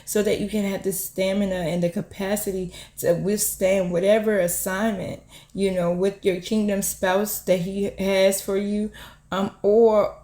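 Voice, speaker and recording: A woman's voice: mid-range voice, mellow, echoey room. A woman hosting her own channel, giving a heartfelt, encouraging prophetic word to camera in an earnest way, often repeating herself and saying "you know".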